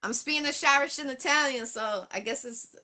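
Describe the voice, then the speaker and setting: Bright high-voiced Boston woman host. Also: moderate pace. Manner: casual, affirming, repeats words. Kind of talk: casual live-stream interview.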